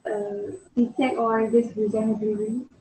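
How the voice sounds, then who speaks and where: A woman medical student works through a patient history, asking polite questions that stall on frequent fillers. Her fairly high voice rings in a roomy, echoey space with a faint hiss behind it. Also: level tone, moderate pace, mellow, recorded from a distance. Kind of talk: mock clinical history-taking. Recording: echoey room with faint noise.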